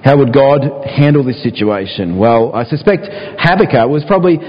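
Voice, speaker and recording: A man's voice: medium pitch, lively intonation, normal speed. A man preaching a sermon, sometimes acting out pleading prayers in a raised voice. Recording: dull, reverberant hall.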